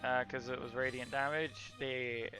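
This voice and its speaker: A man's voice: mid-range voice, level tone, measured pace, pushed and bright, faint music behind. A young man narrating a tabletop game as game master, loose and laughing with many fillers.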